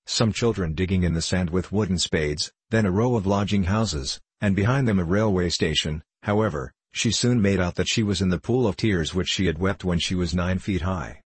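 A man reads a classic children's story aloud in a measured, even way. His low voice has a husky edge, and the recording sounds close and dry. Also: no echo. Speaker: audiobook narrator. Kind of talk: storybook narration.

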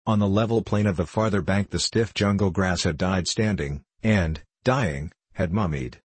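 A man's voice: sits low, normal speed, breathy edge, no room sound. A man reading a classic animal story aloud as scripted narration, voicing the characters with little change of voice. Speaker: audiobook narrator.

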